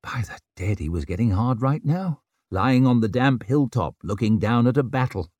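A man narrating a fantasy novel as an audiobook, telling it in an expressive, dramatic way. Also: medium pitch, moderate pace, dry recording.

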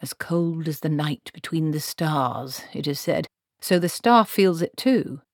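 Woman reads an old male wizard, weary and grumbling; low, dry storybook voice. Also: expressive, measured pace, no room sound.

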